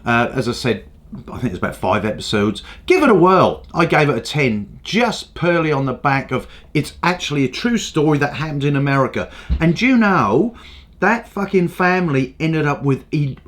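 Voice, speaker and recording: Sweary, animated man ranting. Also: fairly high pitch. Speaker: host. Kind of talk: ranting comedic commentary.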